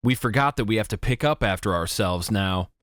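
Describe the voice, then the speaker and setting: A man's voice: lowish voice, brisk, fairly bright tone, clean tone, no room sound, studio quality, close to an everyday voice. A man voicing a blunt, pushy teenage boy in an audiobook, talking in a teasing way.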